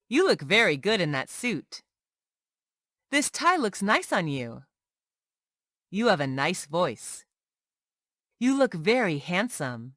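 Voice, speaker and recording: Slow, lively woman reading English phrases. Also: lowish voice, no room sound, studio quality. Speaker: English teacher. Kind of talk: reading practice phrases aloud.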